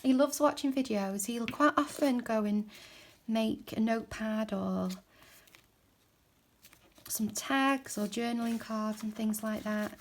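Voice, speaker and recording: A woman talks easily at her craft desk at home, with a slightly high voice. She rambles as she works and drops into quiet mutters now and then. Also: takes it slowly. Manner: chatty, rambling, drops to soft mutters while working. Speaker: craft journaling creator. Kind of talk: casual crafting chat while working.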